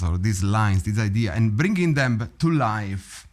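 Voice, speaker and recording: A man teaching drum rudiments in a relaxed, animated way, often vocalizing rhythms and laughing. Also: fairly low pitch, unhurried, hardly any pauses. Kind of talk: practice session teaching. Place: drum studio.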